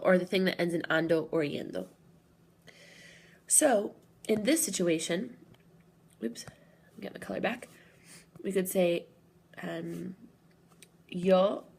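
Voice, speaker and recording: A woman's voice: fairly low pitch, vocal fry, a little hiss or hum. A woman teacher explaining grammar patiently, step by step, in a recorded lesson. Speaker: Spanish teacher.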